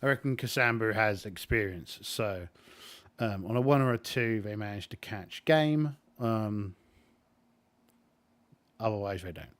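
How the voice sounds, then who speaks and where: A man's voice: lowish voice, a little slow, pauses often, fairly bright tone, slight background noise. A man playing a tabletop game alone, thinking aloud in a rambling way full of fillers. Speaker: solo tabletop game player. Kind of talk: casual solo game narration.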